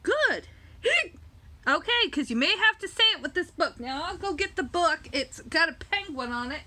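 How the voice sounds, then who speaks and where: A woman reading a picture book to young children, talking slowly and directly to them, recorded on a phone camera. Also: very high voice, animated, pushed and bright. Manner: slow, sing-song, speaks directly to young children. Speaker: children's storyteller.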